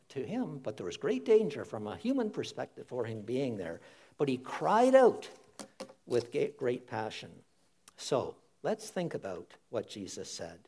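A man's voice: a little high, dark tone. A man preaching a sermon, stressing his points emphatically and repeating key phrases for weight, speaking straight to his listeners. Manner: addresses listeners directly as folks.

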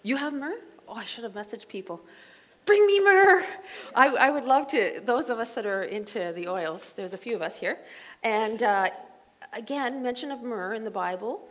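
A middle-aged woman leading a Bible study group in a chatty, animated way, full of asides and fillers. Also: on the high side, normal speed, low-quality recording.

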